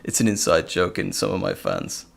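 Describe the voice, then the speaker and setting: A man's voice: sits low, sing-song, normal speed, vocal fry. A man hosting a casual live stream, reading chat questions aloud with frequent ums and hesitations. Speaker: live stream host and audio creator.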